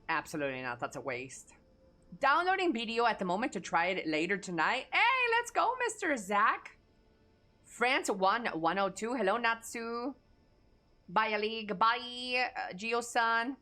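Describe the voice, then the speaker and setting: A woman's voice: mid-range voice, lively intonation, unhurried, fairly bright tone. A young woman streamer chatting casually with her live chat, reading messages aloud, answering offhand and swearing freely.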